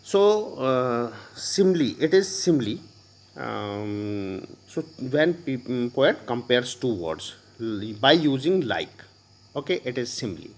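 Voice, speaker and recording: A man with an Indian English accent teaching a poetry lesson to a class, explaining slowly with many pauses and fillers. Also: medium pitch, big pitch swings.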